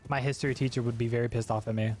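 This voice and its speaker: A man's voice: mid-range voice, fairly even intonation, very fast, a little mellow, soft background music. A young man casually chatting while streaming a video game, rambling, swearing and laughing at himself. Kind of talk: casual gaming chat.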